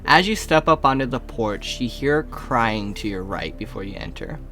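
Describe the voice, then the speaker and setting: Give me a man narrating as a tabletop game master, unhurried and descriptive, with faint music underneath. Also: mid-range voice, animated, sharp tone. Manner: descriptive, slows for atmosphere, frequent uhs.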